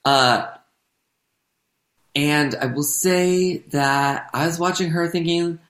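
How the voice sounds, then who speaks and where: A man's voice: on the high side, takes it slowly, fairly bright tone. Male co-host, rambly chat, echoey room. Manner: rambling, full of fillers and self-corrections. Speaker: podcast co-host and stage performer. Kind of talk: casual chat.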